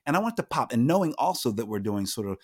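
A man hosting a podcast in a playful, animated casual chat, often restarting his sentences. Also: medium pitch, fast talker, breathy edge. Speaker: podcast host.

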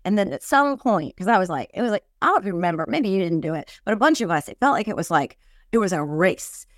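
A woman hosting a podcast, chatting casually and spinning off into sarcastic comic riffs. Her voice sits at a middle pitch, with a dry, close sound. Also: expressive, quick pace, dry recording. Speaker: podcast host. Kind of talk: casual chat.

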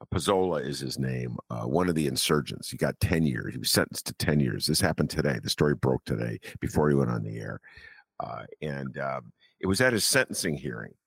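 A man hosting a political talk radio show, animated and incredulous as he chats with his guest. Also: low-pitched, creaky, no echo.

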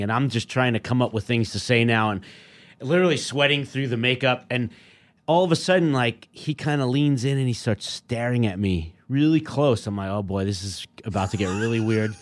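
Man telling a loose, lively story. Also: mid-range voice, moderate pace. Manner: loose storyteller, acts out the dialogue in his stories. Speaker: guest musician. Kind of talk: casual anecdote telling.

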